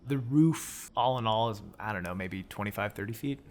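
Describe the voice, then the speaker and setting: A man narrating as game master of a tabletop role-playing game, describing scenes in a relaxed way. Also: fairly low pitch, normal speed, a little hiss or hum. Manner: relaxed, laughs often while describing scenes.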